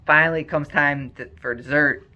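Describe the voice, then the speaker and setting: A man's voice: a little high, fairly even intonation, brisk, bright, forceful tone. Man telling a story, muffled sound. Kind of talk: spoken storytelling.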